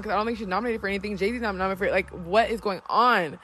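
A woman hosting a podcast, reacting live in an excitable, gushing way and swearing freely. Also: medium pitch, fast, few pauses, a little hiss or hum. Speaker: podcast host.

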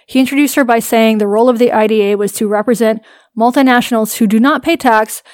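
A woman co-hosting a casual podcast, telling a story with dry wit and frequent laughs. Her voice sits a bit high for a woman. The sound is dry and close, with no room around it. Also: fairly even intonation, fast talker, a little mellow, no room sound. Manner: wry, storytelling, laughs often. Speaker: podcast co-host. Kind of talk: casual chat.

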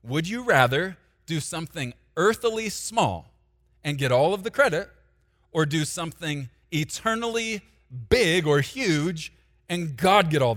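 A man pastor preaching a sermon, swinging from loud emphatic declarations to quiet asides while talking straight to the congregation. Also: mid-range voice, long reverb tail. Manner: directly addresses the congregation, asking them to take notes.

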